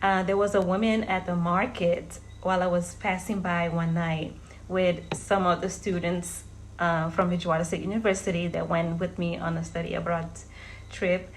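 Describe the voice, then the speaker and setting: A woman's voice: fairly low pitch, little pitch movement, normal speed, slight background noise. A woman in her thirties from Verde, a vlogger telling personal stories in a chatty way and often calling her viewers "guys". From Cape Verde. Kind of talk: casual storytelling vlog.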